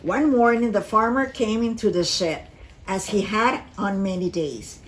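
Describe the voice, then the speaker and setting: A woman reading a picture book aloud to children in an expressive storytelling manner, as a teacher. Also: medium pitch, a little hiss or hum, low-quality recording. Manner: expressive and slow-paced storytelling.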